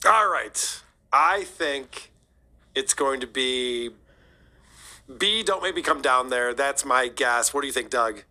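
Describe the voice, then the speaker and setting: A man hosts a radio game and asks his co-hosts for their guesses. His voice is bright. He sounds a little distant from the mic. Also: mid-range voice, slow pace. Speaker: radio show host. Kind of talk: radio show banter.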